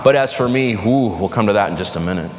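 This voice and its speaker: A man preaching a sermon as a pastor, emphatic and building to shouted exhortation. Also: on the low side, lively intonation, fast, slight background noise. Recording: echoey hall from afar.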